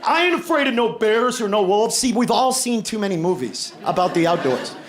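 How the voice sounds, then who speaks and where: A man from the United States performs a stand-up comedy set at a live venue with an audience, telling stories loudly and animatedly and suddenly shouting at times. His voice is high and fairly quick, and crowd noise from the live show can be heard.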